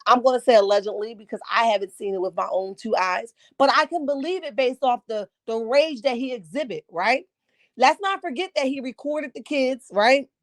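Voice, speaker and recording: Sassy high-voiced woman livestreaming. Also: dry recording, clean studio sound. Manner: sassy, emphatic, keeps asking "right?". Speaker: livestream host. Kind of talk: casual live commentary. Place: home.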